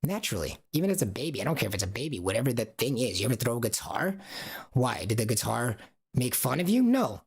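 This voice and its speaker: A man rambles through a casual livestream monologue and keeps asking rhetorical questions. His voice is gravelly and husky, at a middle pitch. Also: big pitch swings, fast talker. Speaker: streamer.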